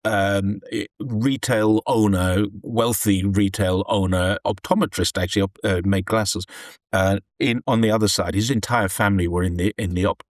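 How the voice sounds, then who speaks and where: A man's voice: lowish voice, fairly even intonation, normal speed, no room sound, studio quality. Man talking at length. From United Kingdom. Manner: earnest, rambling, with frequent restarts. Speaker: commentator living in China. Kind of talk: conversational discussion.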